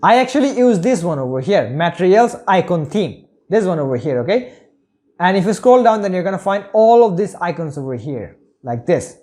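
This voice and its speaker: A man's voice: high-pitched, very animated, a little fast, darkish tone. Man, coding tutorial narration, step-by-step, repeats "okay?", points things out on screen. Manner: talks through each click, repeats "okay?" and "over here". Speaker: web development tutor.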